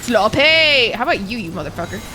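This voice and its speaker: A young woman streaming a game, chatting casually with her viewers, swearing freely and reacting excitably. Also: on the high side, moderate pace. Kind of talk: casual live-stream chat.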